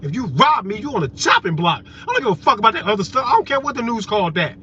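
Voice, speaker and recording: A man's voice: high voice, huge pitch swings, quick pace. Man ranting profanely over road noise. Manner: heated, profane, confrontational. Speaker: vlogger. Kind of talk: ranting monologue to viewers. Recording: dull lo-fi audio with loud road noise.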